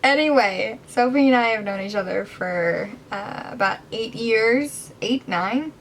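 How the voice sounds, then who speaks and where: A woman's voice: fairly high pitch, measured pace, a little hiss or hum, rough recording. A young woman chatting in a casual home vlog, rambling and self-deprecating, sometimes dropping to a whisper. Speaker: vlogger. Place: indoors at home.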